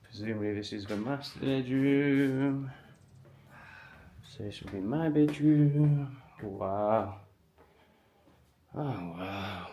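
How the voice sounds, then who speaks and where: An English man with an everyday mid-range voice, touring a place on a handheld camera and reacting loudly with awe. He gasps, swears and exclaims as he goes, in a casual vlog style. A faint hiss of background noise sits under his voice. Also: medium pitch, slow pace, pauses often, muffled recording. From England. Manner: excitable, gasping and exclaiming in awe. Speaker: travel vlogger.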